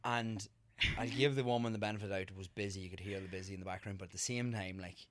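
A man's voice: lowish voice, very fast, dry recording. A young man with a Monaghan Irish accent, a podcast guest telling stories in casual, bantering chat and acting out the people in them. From Ireland. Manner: animated storyteller, banters and acts out people in his stories.

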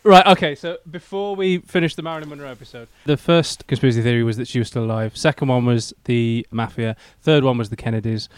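Smooth-voiced man, casual podcast chat. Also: mid-range voice, fast, few pauses, no room sound. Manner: laid-back, storytelling about theories. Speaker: podcast co-host.

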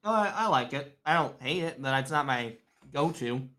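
A man in his twenties with an American accent, a loud, laid-back podcast guest. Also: mid-range voice, lively intonation, moderate pace. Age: 20s. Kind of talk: casual interview chat.

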